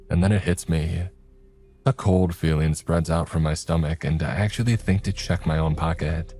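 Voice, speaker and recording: A man telling a scripted first-person horror story, grave and steady, with stern lines of dialogue. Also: very deep voice, moderate pace, soft background music.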